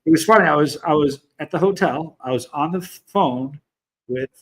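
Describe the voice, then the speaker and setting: This chili channel host, a U.S. man in his fifties, rambles through anecdotes on a casual livestream and calls out viewers by name. He speaks at a normal speed in a slightly high, somewhat bright voice over poor-quality audio.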